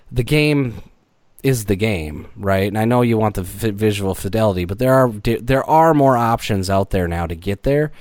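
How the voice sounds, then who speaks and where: A man co-hosting a casual podcast, talking in an animated way and swearing casually. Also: fairly low pitch, dry recording, clean studio sound. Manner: animated, swears casually, mocks others in a put-on surfer voice. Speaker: podcast co-host.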